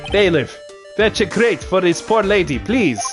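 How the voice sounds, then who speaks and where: Bumbling judge, read by a man, fussy and formal, lively swings, game music under it. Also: high voice, a little slow. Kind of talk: game dub reading.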